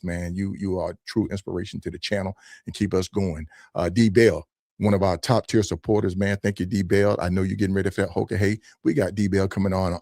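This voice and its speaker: A man's voice: sits low, warm tone, dry recording, clean studio sound. A man hosting a podcast, talking in an upbeat, casual way and calling out viewers by name. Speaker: podcast host.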